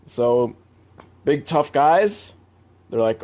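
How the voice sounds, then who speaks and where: A young man giving a comedic movie recap, rambling and sarcastic, with sudden jumps in pitch. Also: expressive, unhurried, darkish tone. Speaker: movie reviewer.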